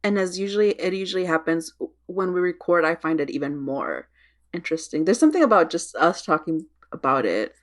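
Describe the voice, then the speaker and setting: A woman with a lowish voice co-hosts a podcast in relaxed, casual chat. Her pitch rises and falls a lot as she talks, and she laughs easily. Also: fairly quick. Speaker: podcast co-host.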